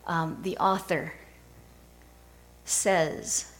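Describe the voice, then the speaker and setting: A woman pastor preaching a sermon in a measured storytelling way. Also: on the low side, fairly even intonation, rough recording.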